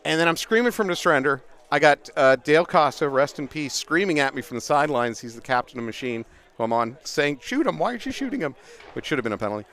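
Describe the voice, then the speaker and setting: A middle-aged man, casually telling animated paintball stories as a livestream commentator outdoors. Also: mid-range voice, fast talker, clear, resonant tone. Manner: animated, laughing storyteller.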